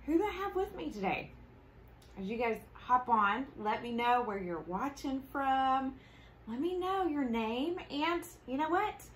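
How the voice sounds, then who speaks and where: A woman's voice: sits high, animated, a little slow, fairly bright tone, slight background noise. A woman with a Southern accent, hosting a casual live craft demonstration in a bubbly, chatty way with frequent laughs. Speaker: host. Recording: echoey room with faint ambience.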